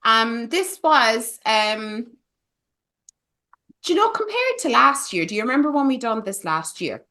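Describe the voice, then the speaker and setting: A woman's voice: a little high, big pitch swings, a little slow, bright, forceful tone. A woman hosting a casual film podcast, playful and teasing, with theatrical asides. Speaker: podcast host.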